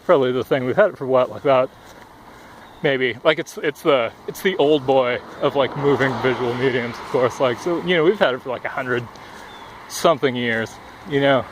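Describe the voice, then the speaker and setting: A young man vlogs outdoors beside a busy road, rambling out of breath with lots of fillers and swearing. Recorded on a headphone cord mic, his mid-range voice at normal speed comes with faint traffic noise and passing cars.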